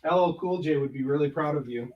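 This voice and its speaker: On a livestream, a comic artist gets ready for a convention in an indoor room, packing books and chatting casually, rambling and joking with viewers between jobs. He talks fast in a voice on the high side, captured from a distance with dull, very noisy audio.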